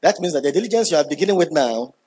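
A man preaching a sermon, emphatic, repeating key words and building up when excited. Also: on the high side, racing, breathy edge.

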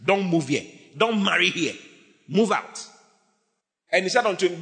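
A man preaching from the pulpit, his pitch leaping up and down as he shouts and jokes. His tone is bright and ringing, and a long reverb trails every phrase in the big church hall. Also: normal speed, long pauses. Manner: animated, emphatic, often shouting and laughing. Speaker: pastor. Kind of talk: sermon.

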